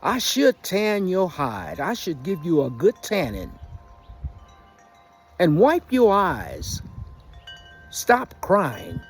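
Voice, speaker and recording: A man voicing a stern older sheriff grandfather who lectures slowly and commandingly. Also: high voice, huge pitch swings, a little hiss or hum, full character voice.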